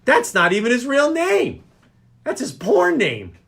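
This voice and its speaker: A man's voice: very high-pitched, wildly swooping pitch, unhurried, gravelly, fairly bright tone. A man hosting a local radio talk show, joking and rambling. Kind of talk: casual chat show banter.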